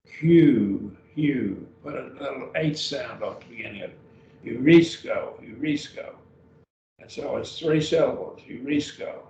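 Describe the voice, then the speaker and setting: A man teaching a Greek grammar class at a slow, patient pace, repeating each word form as he goes. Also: medium pitch, creaky, a little mellow, slight background noise. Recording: lo-fi roomy recording from a distance.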